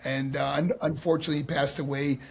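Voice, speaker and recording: Husky, animated man telling stories. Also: on the high side, quick pace. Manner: animated, lots of fillers and restarts. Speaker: guest. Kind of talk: casual interview storytelling.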